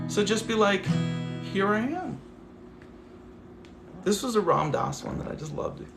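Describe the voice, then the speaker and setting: Gravelly man chatting on a livestream. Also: high-pitched, measured pace, long pauses, roomy sound, over music. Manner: animated, rambling, affectionate, full of "like". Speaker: livestream host. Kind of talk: casual livestream chat to viewers.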